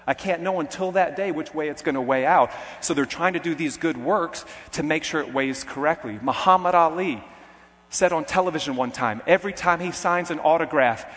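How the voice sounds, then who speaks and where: A male preacher with a somewhat high voice delivers an emphatic sermon. He presses questions directly on his young listeners. His voice rings out with a long hall reverb behind it. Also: a bit bright.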